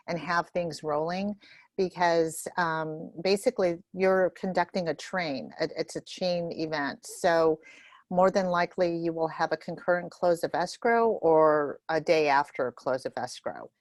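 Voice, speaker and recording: A woman leads a real estate training session, going through contract forms one box at a time. Her voice sits a little low, and she talks quickly and nervously, with many ums and restarts. The sound is dry and close, with no room echo.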